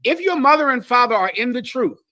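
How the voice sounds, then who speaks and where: A man's voice: very high voice, a little fast, dry recording. A man teaching a scripture class to a live congregation, preaching with call-and-response and speaking straight to listeners. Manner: animated call-and-response, addresses listeners directly.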